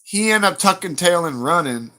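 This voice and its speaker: A man's voice: high-pitched, expressive, normal speed, pushed and bright. A man, chatting casually to viewers on his livestream, blunt and profane as he rambles through stories. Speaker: livestream host.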